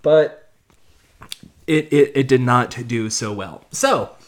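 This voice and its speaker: A man's voice: mid-range voice, slow. A man in his late twenties casually recapping TV episodes, rambling and sarcastic, with the odd curse word. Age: late 20s. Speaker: TV show recapper.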